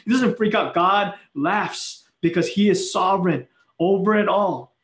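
A man preaching a sermon, earnest and animated, with playful acted asides. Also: high voice, moderate pace, echoey room. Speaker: pastor.

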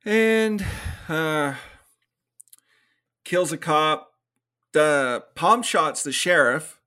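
Here a man's voice runs fairly high, clear and resonant, with a sharp edge, lively intonation and drawn-out words. He's co-hosting a podcast, casually reviewing a movie by retelling the plot, performing the characters' dialogue and laughing often.

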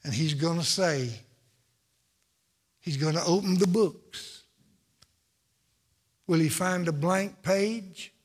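A high-pitched man delivers a sermon at an unhurried pace, stacking phrase on phrase with emphatic repetition. His voice rings out in a church sanctuary with a long hall reverb trailing behind it. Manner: emphatic, repetitive preaching cadence. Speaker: pastor.

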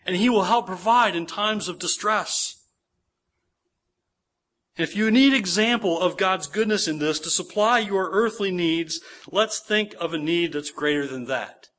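A man's voice: sits high, measured pace, fairly bright tone. A man in his forties preaching a sermon, earnest, repeating phrases for emphasis and checking in with listeners. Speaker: pastor.

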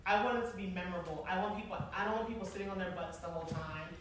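A woman in her forties telling stories to a live audience, animated and chatty, often laughing. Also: on the low side, racing, background noise. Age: 40s. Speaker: event planner and speaker. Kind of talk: storytelling talk to a live audience. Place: large room with an audience. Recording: echoey room, mic from far off.

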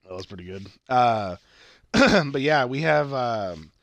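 A man chatting casually about a wrestling show, rambling, cursing freely and breaking into excited yells. His voice sits in a middle pitch range. It is recorded dry and close, with no room sound. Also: slow, vocal fry, dry recording. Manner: swears a lot, rambling, excitable outbursts. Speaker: podcast co-host. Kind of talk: casual wrestling recap chat.

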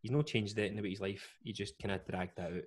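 Scottish male podcast co-host, low-pitched, rambling casual chat. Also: fast.

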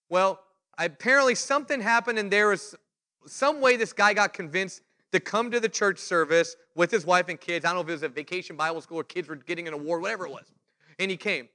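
A male preacher giving a sermon, telling stories and acting out the people in them. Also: high-pitched. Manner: animated storytelling, acts out quoted voices.

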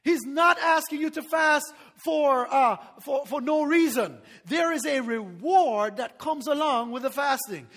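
A man preaching a sermon as pastor, animated, laughing often and calling for responses from the congregation. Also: very high voice, measured pace, hardly any pauses, in a large hall.

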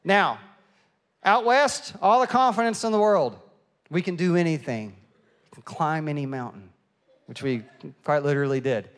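A middle-aged man preaching a sermon and telling a lively, self-mocking story, acting out the people in it. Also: on the high side, moderate pace, pauses often. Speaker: pastor. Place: church auditorium. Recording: long hall reverb.

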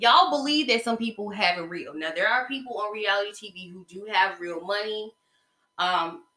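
A woman's voice: medium pitch, bright, forceful tone, roomy sound. A woman from the American South hosting a podcast, talking about reality TV in a blunt, chatty gossip style, with slang and lots of fillers. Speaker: podcast host. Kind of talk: casual gossip monologue.

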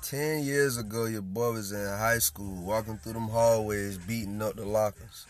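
A man in his late twenties hosting a podcast in casual chat, hoarse from losing his voice, laid-back and slangy, chuckling between thoughts. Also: fairly low pitch, fairly even intonation, moderate pace, soft background music. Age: late 20s. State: hoarse from lost voice. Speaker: podcast host.

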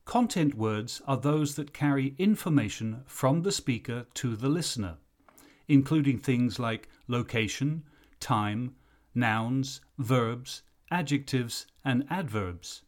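A man teaching an English lesson, explaining things slowly and carefully. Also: mid-range voice, expressive. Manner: slow, careful explanatory delivery. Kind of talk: recorded lesson narration.

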